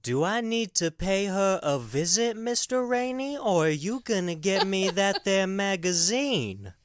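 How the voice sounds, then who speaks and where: A man voicing a menacing stalker who drags out slow, rising threats. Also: high voice, very animated, no room sound, pitched above the performer's own voice.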